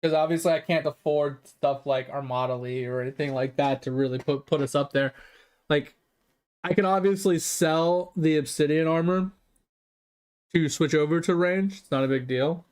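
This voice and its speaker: A man's voice: fairly high pitch, normal speed, a little mellow, smooth. A man streaming a game, chatting casually and rambling with lots of "like" and "um", swearing now and then. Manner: rambling, heavy use of "like" and "um" fillers. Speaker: gaming streamer. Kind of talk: casual live-stream chat while gaming.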